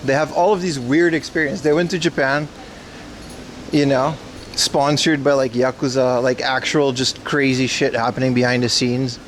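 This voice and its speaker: A man's voice: mid-range voice, steady tone, moderate pace, a little hiss or hum. A man hosting a casual livestream outdoors on a city street, joking and answering his chat as he walks. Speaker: livestream host.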